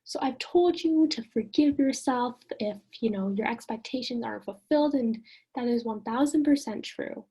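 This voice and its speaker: A woman teaching an online lesson in a gentle, encouraging way, often putting questions to the listener. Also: a little high, normal speed, breathy edge.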